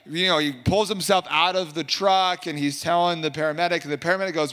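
A man's voice: on the high side, steady tone, fast talker, few pauses, a bit bright, long reverb tail. A man telling a faith testimony in a casual, rambling way, with many fillers and restarts. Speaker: Christian minister telling a testimony.

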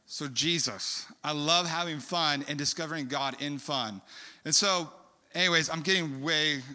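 A man from California telling a rambling, animated story in a sermon, full of fillers and asides. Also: on the high side, normal speed. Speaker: preacher. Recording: long hall reverb.

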